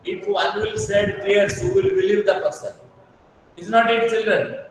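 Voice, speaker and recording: A man's voice: high-pitched, steady tone, measured pace. A man teaching a class, explaining patiently with much repetition and checking that students understand. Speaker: English teacher. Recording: echoey room, mic far off.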